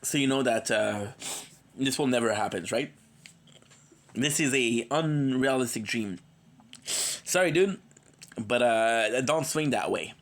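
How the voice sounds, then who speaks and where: Speaking slowly with long pauses, this man has a medium-pitched, expressive voice with a fairly bright tone. He's a tired streamer with a cold, rambling and joking as he chats casually with viewers.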